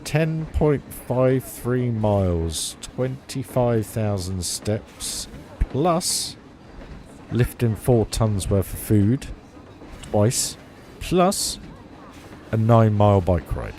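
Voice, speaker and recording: Chatty man streaming, low mellow voice. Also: big pitch swings, drawn-out words, slight background noise. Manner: chatty, laughs often, reads chat aloud. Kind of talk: casual live-stream chat. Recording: faint music behind.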